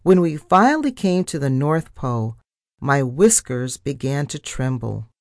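Slow, low-voiced woman reading a story. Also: dry recording, studio quality. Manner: animated reading, first-person narration.

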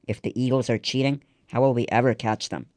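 A man's voice: mid-range voice, fairly even intonation, brisk, darkish tone, no room sound, natural voice. A man reading the lines of a spirited, stubborn young girl ballplayer in a storybook. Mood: eager.

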